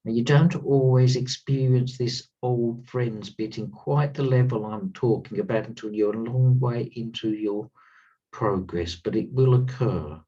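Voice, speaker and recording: A man gives an earnest spiritual talk, leaning on repeated words for emphasis. His voice is husky and mellow. He sits a little back from the mic, and the sound is dull and lo-fi. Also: mid-range voice, unhurried. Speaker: spiritual teacher. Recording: slightly distant, dull lo-fi sound.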